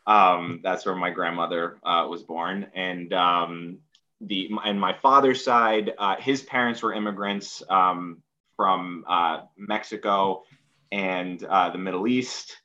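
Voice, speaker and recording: A man from New City, a podcast guest talking casually and haltingly, full of ums and uhs. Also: deep voice, steady tone, bright, forceful tone, dull audio. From New York City. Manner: hesitant, lots of fillers and restarts. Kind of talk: casual conversation.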